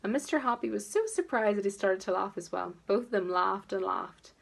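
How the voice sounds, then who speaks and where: A woman teacher reading a picture book aloud to toddlers, expressive and gently coaxing. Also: mid-range voice, brisk, creaky, husky. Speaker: preschool teacher.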